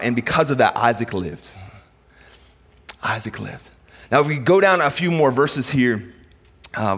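Animated man preaching a sermon. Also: fairly high pitch. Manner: dynamic preaching, swings between loud emphatic and quiet intimate. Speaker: pastor.

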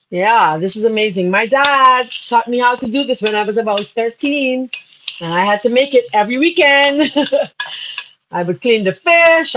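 A Bahamian woman's slightly high, fairly bright voice carries her live cooking show as she chats and laughs. She moves into tearful, spiritual moments along the way, clearly emotional. There's faint noise and the sound is somewhat dull.

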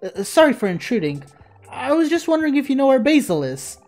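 A woman's voice: high-pitched, big pitch swings, a little fast, a little mellow, faint music behind. A woman doing a polite, anxious teenage girl. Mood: worried. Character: worried teenage girl neighbor.

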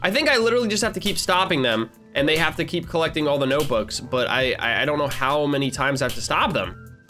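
A man hosting a gaming channel, giving excitable, playful gameplay commentary with lots of giggling and teasing. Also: fairly high pitch, fast, faint music behind.

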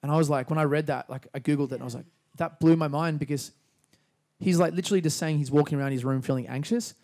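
Australian man, young adult, slightly higher pitch, rambling casual interview talk. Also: quick pace. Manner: rambling, relaxed, filler-heavy. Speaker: musician guest.

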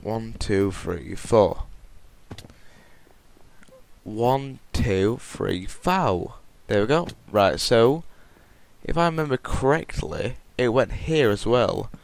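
Male gamer, low and unhurried, muttering and self-correcting, dry close mic. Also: smooth, no echo. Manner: rambling, self-correcting, talks to himself while building. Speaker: Minecraft let's play host. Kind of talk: casual gameplay commentary.

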